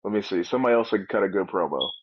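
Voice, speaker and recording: A man talking casually as a guest in an interview, joking and telling animated stories. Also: sits low, racing, dry recording, muffled recording. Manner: joking, animated storytelling with comic voices. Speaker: wrestler guest.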